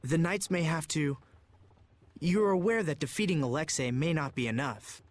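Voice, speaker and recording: An actor voicing an earnest young prince in a video game, speaking in a formal, measured, polite way. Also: male voice, fairly high pitch, a little hiss or hum, lightly acted. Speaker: game character.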